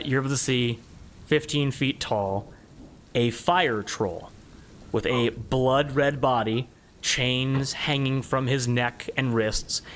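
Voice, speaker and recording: A man's voice: mid-range voice, fairly bright tone, slight background noise. A man narrating a tabletop game as game master, rambling with many fillers.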